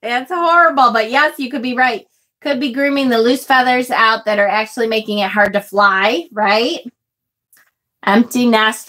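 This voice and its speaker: A woman's voice: a little high, a bit bright. A middle-aged woman hosting a live tarot stream in a chatty way, greeting viewers, reading out their comments and getting emotional over the card pictures. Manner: emotional, gasps and exclaims over card images. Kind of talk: casual live-stream chat.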